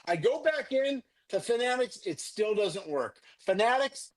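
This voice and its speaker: A man's voice: high voice, lively intonation, measured pace. An older man, a sports card collector, ranting with profanity in a rambling, angry way on a livestream video call. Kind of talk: heated livestream rant. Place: home, remote video call.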